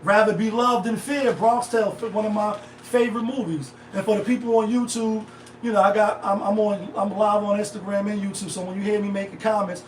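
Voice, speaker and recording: A man's voice: high-pitched, fairly even intonation, a little fast, far from the mic, slight background noise. A middle-aged man hosting a live stream, talking casually in a rambling, slang-heavy way. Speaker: livestream host. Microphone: phone set back from the speaker. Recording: echoey room, voice off-mic.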